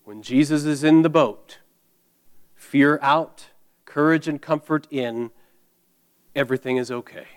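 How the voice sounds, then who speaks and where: A man preaching a sermon, emphatic, building through repeated phrases and dramatic pauses. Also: fairly high pitch, clean tone. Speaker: pastor.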